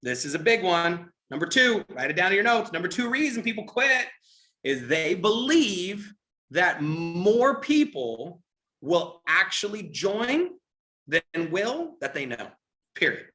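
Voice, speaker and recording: A man leading a live business training, telling an animated story and checking in with listeners. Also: high-pitched, unhurried. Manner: animated storytelling, keeps asking "right?". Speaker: network marketing trainer.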